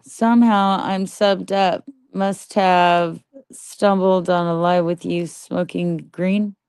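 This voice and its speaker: A woman's voice: on the low side, steady tone, slow pace, darkish tone, clear, resonant tone, dry recording, studio quality. A woman livestreaming and chatting casually with viewers, talking bluntly with a lot of swearing and rambling asides. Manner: greets viewers and reads the chat.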